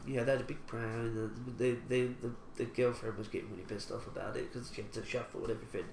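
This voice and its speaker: A man's voice: mid-range voice, fairly even intonation, quick pace, vocal fry, darkish tone. A man, telling a rambling anecdote on a podcast with lots of laughs and restarts. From England. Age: 20s. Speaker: podcast co-host. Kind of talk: casual chat, telling an anecdote. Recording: echoey room with faint ambient noise.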